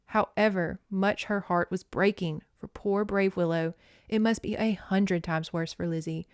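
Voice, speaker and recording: A woman hosting a podcast, reading a children's novel aloud and commenting in a casual, expressive way with swearing. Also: medium pitch, measured pace, clean tone, dry recording, studio quality. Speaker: podcast host.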